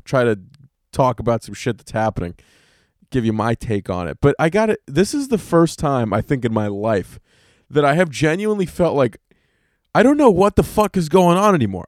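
A man's voice: fairly high pitch, no echo, clean studio sound. A man hosting a solo podcast, talking in a casual, rambling and exasperated way, full of swearing. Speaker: podcast host.

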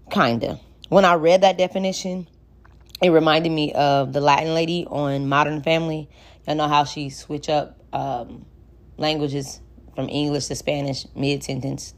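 A woman hosting a solo podcast, talking casually in a frank, joking and profane way. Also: sits low. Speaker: podcast host.

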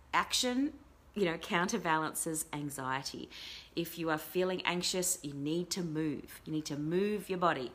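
A woman coaching viewers in a casual live talk, gentle and encouraging, rambling with many fillers as she reads out their comments. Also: low voice.

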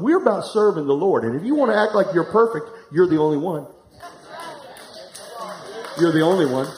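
A middle-aged pastor preaching live to a congregation, candid and humorous, telling a personal story and speaking to the room directly. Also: male voice, high-pitched, darkish tone. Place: church hall, live before a congregation. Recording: echoey room.

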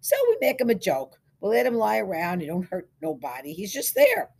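A woman's voice: mid-range voice, huge pitch swings, fairly quick, gravelly, darkish tone, husky, pitched above the performer's own voice, exaggerated voice. A woman reading aloud, voicing an earnest, uneasy young man in a barber shop.

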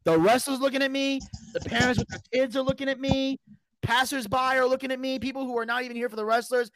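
A man casually telling a story, animated, swearing freely and shouting out the lines he quotes. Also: very high voice, dry recording. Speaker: podcast guest telling a story.

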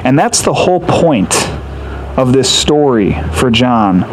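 A man's voice: medium pitch, big pitch swings, takes it slowly, slight background noise, poor audio. A man preaching a sermon, explaining a scripture passage in an earnest, teaching way with rhetorical questions. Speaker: pastor.

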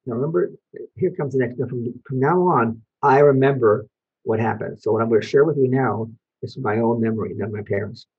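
An older Belgian man, a Holocaust survivor, tells his life story to an audience while showing photos, pausing briefly and asking them questions. His voice is medium-pitched with a breathy edge, and the audio sounds dull.

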